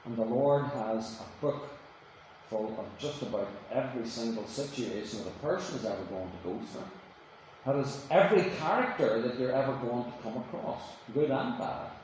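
A man's voice: medium pitch, animated, normal speed, a little mellow, slight background noise. A man preaching a sermon in a church, shifting between casual storytelling and emphatic, rising declarations. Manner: conversational storytelling with emphatic rises. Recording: echoey room, voice from a distance.

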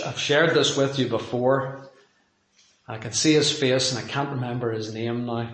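A man's voice: mid-range voice, reverberant, poor audio. A man preaching a sermon in a conversational way, telling personal anecdotes.

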